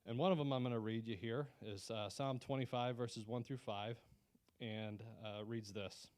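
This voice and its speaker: A man's voice: medium pitch, steady tone, moderate pace, darkish tone, smooth. A man giving a personal testimony as guest speaker at a Christian lunch meeting, telling his story in an earnest, conversational way with frequent restarts.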